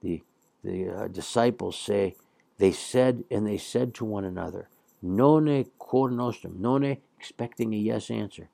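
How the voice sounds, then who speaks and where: A man's voice: deep voice, vocal fry, darkish tone, dry recording. A man teaching a Latin lesson, patiently reading and translating passages with some fillers. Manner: slow, patient explaining with fillers.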